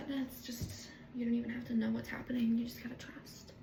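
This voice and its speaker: A woman's voice: a little high, level tone, brisk, creaky, reverberant, far from the mic, background noise. A woman talking to camera in a casual, rambling monologue, wry and self-mocking, with plenty of swearing. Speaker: vlogger.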